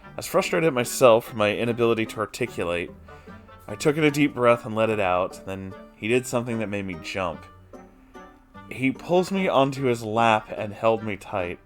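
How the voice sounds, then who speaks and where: A man's voice: on the low side, expressive, normal speed, faint music behind. A man reading a first-person story aloud, breaking in with wry, swearing side comments. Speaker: story reader.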